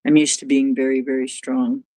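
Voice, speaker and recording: A woman's voice: very deep voice, level tone, moderate pace, dark tone, no echo. A woman hosting a livestream, chatting casually and rambling, now and then cooing at her cat. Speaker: livestream host.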